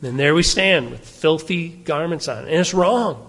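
High-voiced preacher in a reverberant hall. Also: male voice, unhurried, fairly bright tone, slightly rough. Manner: conversational, asks the audience rhetorical questions. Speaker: pastor. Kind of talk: sermon.

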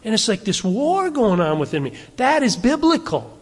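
Male pastor, high-pitched, casual rhetorical sermon style, long hall reverb. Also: very animated, normal speed. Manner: conversational, asks the audience rhetorical questions.

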